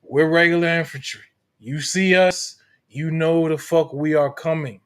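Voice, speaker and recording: An American man hosting a podcast, talking about his show in a relaxed, emphatic way with slang. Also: on the high side, measured pace, clean tone. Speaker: podcast host, Marine veteran. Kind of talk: casual podcast talk.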